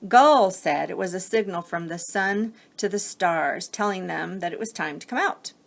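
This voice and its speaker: A woman reading a picture book aloud to children as a teacher, gently pausing to explain the story. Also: on the low side, creaky.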